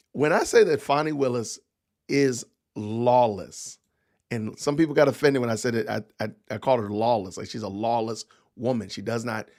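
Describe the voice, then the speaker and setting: A middle-aged man hosting a podcast livestream, rambling in casual commentary and talking straight to his chat. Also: mid-range voice. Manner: rambling, talks to chat directly. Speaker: podcast host reacting to news clips.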